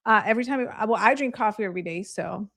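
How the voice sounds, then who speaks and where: A woman's voice: medium pitch, fast, bright, forceful tone. A woman real estate agent giving a live training, telling candid stories in a chatty way and laughing easily.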